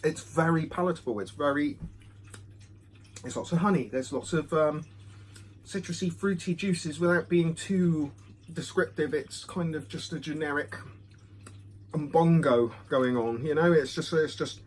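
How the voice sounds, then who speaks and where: A man's voice: on the high side, unhurried. A man chats his way through a whisky tasting at home, talking into his phone in a loose, self-deprecating ramble full of ums. There is a faint hiss behind him. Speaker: whisky reviewer. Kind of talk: casual rambling review. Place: home room. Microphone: phone camera.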